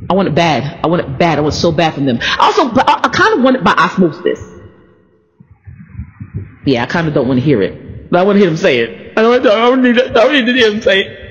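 A woman giving a casual faith talk to the camera, sleepy and allergic, talking in an animated way and repeating words as she goes. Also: fairly low pitch, fast talker. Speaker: church member sharing devotional thoughts. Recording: reverberant, dull lo-fi sound.

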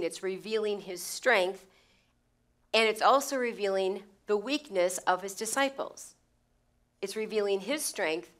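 Conversational woman teaching from the Bible. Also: medium pitch. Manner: repeats phrases for emphasis, checks in with "right?" and "okay?"; conversational, with stumbles and restarts.

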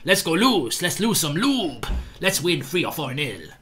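A man's voice: fairly high pitch, very animated, a little slow, bright, forceful tone, slight background noise, heavily acted. A man impersonating a carefree male football manager who is breezy and playful.

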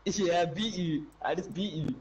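A man's voice: high-pitched, moderate pace, rough recording. A man chatting casually while gaming, teasing and taunting his opponent.

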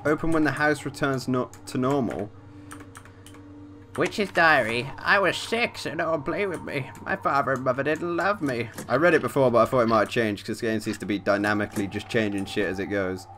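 A man's voice: medium pitch, brisk, a bit bright, slight background noise. A man giving let's play commentary on a horror game, reading the text aloud and swearing at jump scares. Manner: swears often, jumpy reactions, reads game text aloud. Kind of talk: gameplay commentary. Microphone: desk mic with facecam.

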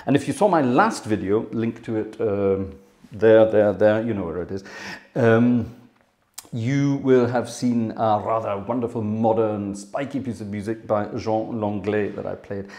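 A man's voice: fairly low pitch, measured pace, darkish tone. A man from Britain, hosting his organ channel, giving a rambling casual update with lots of ums and yeses, a bit out of breath. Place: music room.

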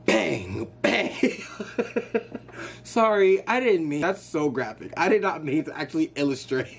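A man giving casual, excitable reaction commentary on an album he is hearing. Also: fairly high pitch, fairly quick, slight background noise. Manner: excitable, chatty, gushing. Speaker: music reaction vlogger.

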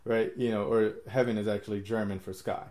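A man with a fairly low, soft, mellow voice hosts a casual podcast conversation. He rambles from one idea to the next, laughs often at himself and swears freely. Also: little pitch movement, a little fast. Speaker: podcast host. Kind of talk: casual chat.

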